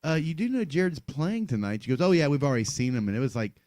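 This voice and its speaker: Lively joking man, dry close sound. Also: fairly high pitch, fast talker, no room sound. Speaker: podcast co-host. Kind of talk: live podcast chat.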